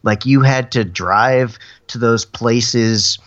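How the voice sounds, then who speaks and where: A man's voice: mid-range voice, takes it slowly, no echo. A man in casual chat, laid-back and saying "like" a lot. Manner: laid-back, laughs along, lots of "like". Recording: dull lo-fi sound.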